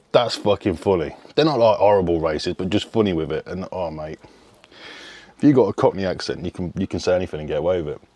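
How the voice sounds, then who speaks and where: A man's voice: sits low, darkish tone, no echo. A man, chatting casually to camera as a fitness coach, rambling and swearing freely. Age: 30s. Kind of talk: casual vlog chat.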